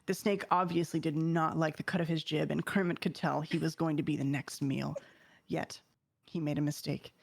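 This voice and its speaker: A woman with a fairly low voice reading a story aloud with mock seriousness. The sound is close and dry, with no room behind it. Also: fairly even intonation, normal speed, vocal fry, few pauses, no echo. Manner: reads with mock seriousness, breaking into laughter. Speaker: streamer reading fan fiction.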